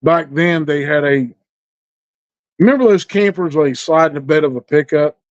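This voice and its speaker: A middle-aged man with a somewhat high voice tells a story as a podcast guest. He speaks plainly in rural grammar and pauses to find his words. The sound is dry and close, on a dull, lo-fi recording. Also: dry recording. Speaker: interview guest.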